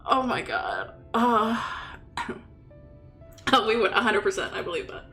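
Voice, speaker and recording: A woman's voice: mid-range voice, sing-song, a little slow, sharp tone, faint music behind. A young woman giving casual, emotional commentary on a game playthrough, giggly and swearing freely. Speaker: gaming streamer.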